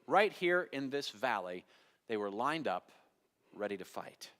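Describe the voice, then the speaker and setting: Very animated yet unhurried, a man with a mid-range, slightly bright voice preaches as pastor in a church sanctuary. His sermon dramatizes a Bible story, voicing its characters and questioning the congregation, with the long hall reverb of a church on the recording.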